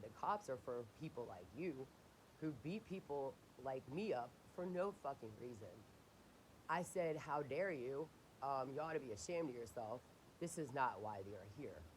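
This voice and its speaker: A woman's voice: very deep voice, a little hiss or hum, low-quality recording. A woman ranting in a casual diary video, indignant and swearing as she retells arguments. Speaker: diary vlogger. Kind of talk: casual personal rant.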